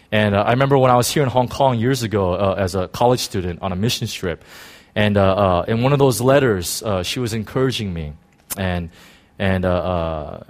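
Pastor preaching with restless energy. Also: male voice, lowish voice. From United States. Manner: animated preaching, many restarts and "you know"; swings between shouting and soft, hushed talk. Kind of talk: sermon.

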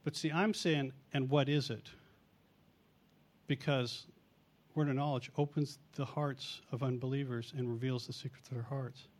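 A man's voice: medium pitch, steady tone, normal speed. A middle-aged man preaching in a chatty storytelling way, mocking himself and acting out the quotes. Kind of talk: storytelling sermon.

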